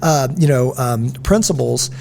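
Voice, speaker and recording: A gravelly, medium-pitched voice moves a little slowly as this middle-aged man hosts a casual podcast. He tells stories animatedly and acts out quotes, and a slight hiss or hum is audible.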